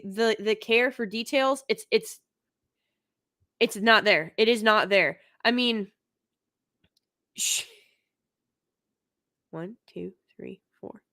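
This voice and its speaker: A woman's voice: fairly high pitch, animated, slow, a bit bright. A woman hosting a live-streamed TV review, talking off the cuff, emphatic and exasperated, repeating her points again and again. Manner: exasperated, critical.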